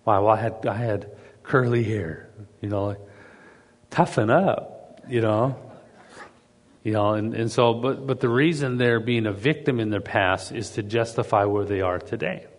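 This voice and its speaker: A man's voice: fairly low pitch, a little slow, in a large hall. A man giving a sermon in a conversational storytelling manner, often repeating and restarting his words. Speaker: pastor.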